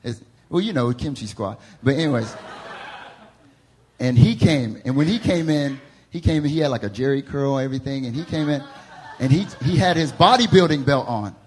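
A young man with a Southern US accent, preaching a sermon to a congregation as a lively, laughing storyteller who acts out the voices in his stories. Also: medium pitch, normal speed. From American South. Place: church service before a congregation.

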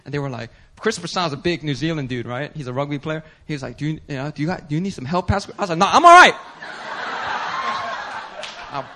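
A man preaching a sermon as pastor, telling a story animatedly with laughter and sudden shouts. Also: fairly high pitch, rapid-fire, hardly any pauses, background noise. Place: church service.

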